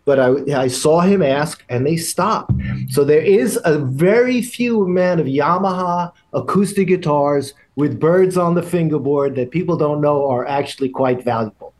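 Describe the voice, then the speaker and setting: A man, a guest on a podcast, telling insider anecdotes in a measured, unhurried way with small hesitations. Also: on the high side, darkish tone. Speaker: podcast guest, guitar industry veteran. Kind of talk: casual interview chat.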